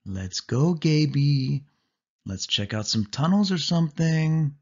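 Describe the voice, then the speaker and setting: A man's voice: mid-range voice, big pitch swings, moderate pace, husky. A man voicing a bossy, teasing young girl cousin in a pushy, sing-song way in a storybook reading. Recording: dull lo-fi audio.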